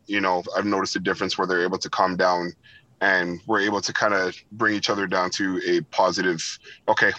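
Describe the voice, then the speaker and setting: A man's voice: low voice, pushed and bright, rough recording. A man in real estate talking reflectively on a call, with many "you know" fillers.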